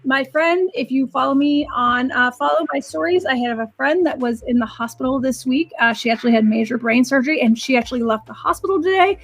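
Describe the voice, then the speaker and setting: Lady psychic on a live stream, raspy fry in her voice, rambly and chatty, webcam mic. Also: high-pitched, brisk, hardly any pauses. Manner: chatty, rambling, restarts sentences. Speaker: psychic and animal communicator host. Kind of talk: live-stream reading session.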